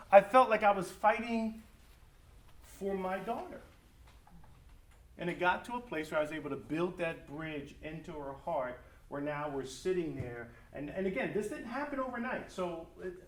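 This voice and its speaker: A middle-aged man preaching as a pastor in a conversational, animated way, acting out family conversations. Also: sits high, moderate pace. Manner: animated, acts out family dialogue. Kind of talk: conversational sermon talk. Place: church or school hall. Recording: echoey room, mic from a distance.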